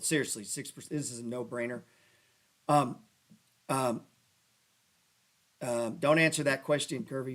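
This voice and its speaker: A man hosting a casual stock trading show, rambling and cursing as he talks through charts and breaks into loud rants. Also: medium pitch. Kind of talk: casual livestream chat over stock charts. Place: lives in New Orleans.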